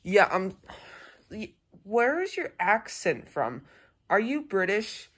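A man voicing a friendly, eager male dog in an improvised role-play, talking in halting starts and restarts. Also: high-pitched, very animated, a bit bright, slightly rough, heavily acted. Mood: curious.

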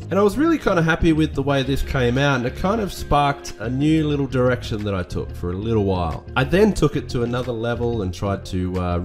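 A man giving casual voice-over commentary on his old artwork, relaxed, self-critical and enthusiastic. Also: medium pitch. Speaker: artist reviewing his old work.

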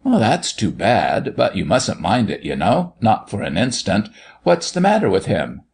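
A man reading a gruff, blustering older country doctor in a storybook, with booming, mock-furious outbursts. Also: huge pitch swings, measured pace, full character voice. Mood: brusque.

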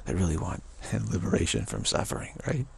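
A man's voice: low-pitched, very animated, brisk, vocal fry, a little mellow, slight background noise. A man giving an informal spiritual talk as a teacher, rambling and full of "you know" fillers. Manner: rambling, frequent 'you know' fillers.

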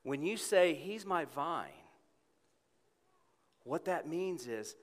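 A man preaching a sermon in church, earnest, rising to emphatic peaks and dropping to a soft hush. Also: fairly high pitch, animated, takes it slowly, long pauses. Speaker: pastor. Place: church sanctuary with congregation. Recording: long hall reverb.

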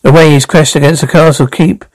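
A man narrating and performing every part of an amateur radio drama reading, with halting restarts. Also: fairly high pitch, fairly even intonation, darkish tone, no echo, low-quality recording.

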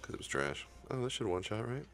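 A young man commentates his own game run with a deep, low voice. A gravelly fry runs through his speech as he curses the game in frustration. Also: big pitch swings, quick pace, a bit bright. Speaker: gaming YouTuber. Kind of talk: profane Let's Play commentary.

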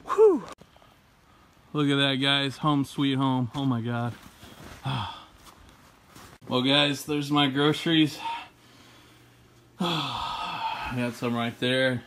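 A man's voice: mid-range voice, creaky, pushed and bright. A man vlogging casually, a laid-back rambler who swears freely as he talks to his viewers. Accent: US Pacific Northwest. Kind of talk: casual vlog monologue. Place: outdoors in a snowstorm, then at home.

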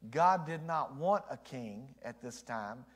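A man's voice: mid-range voice, expressive, slow pace. A man preaching a sermon as pastor, in a folksy, joking way, his voice strained by allergies. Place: church sanctuary.

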